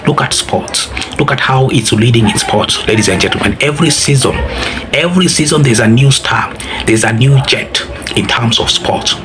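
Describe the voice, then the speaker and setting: A man's voice: mid-range voice, moderate pace, noisy background. A man hosting a commentary video, talking emphatically and repeating phrases as he addresses his viewers. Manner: repeats "ladies and gentlemen", emphatic and preachy. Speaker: commentary channel host. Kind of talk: reaction commentary to camera.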